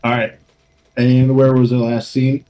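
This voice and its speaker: A man's voice: mid-range voice, monotone, measured pace, mellow, rough recording. A man playing a tabletop game, asking plain questions in casual talk. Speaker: player.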